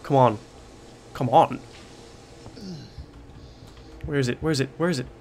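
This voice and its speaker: A man's voice: medium pitch, a little slow, a little mellow, a little hiss or hum. A man giving let's play commentary, panicking, swearing and joking to himself. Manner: panicky, swearing, jokey self-talk. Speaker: game streamer.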